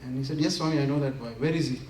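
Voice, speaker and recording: A man's voice: mid-range voice, rapid-fire, a little hiss or hum. A man giving a talk to an audience at a community center, telling anecdotes and laughing often as he acts out the quotes. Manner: animated, laughing often while acting out quotes. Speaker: invited speaker. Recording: roomy hall from a distance, faint ambience.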